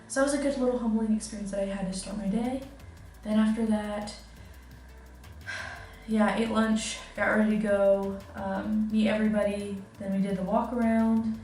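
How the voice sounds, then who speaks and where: A woman's voice: mid-range voice, darkish tone, a little hiss or hum. A young woman vlogging as a study-abroad student, telling stories in a chatty, giggly way full of filler words. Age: young adult. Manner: chatty storytelling, many "like"s and giggles. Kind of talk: casual vlog chat. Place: kitchen indoors. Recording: echoey room, distant mic, faint music.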